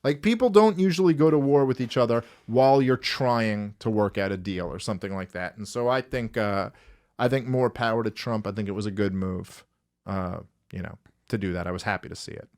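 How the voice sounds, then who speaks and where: A man's voice: fairly low pitch, a little fast, darkish tone. A man hosting a podcast in casual political chat, ranting animatedly and swearing freely. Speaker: podcast host.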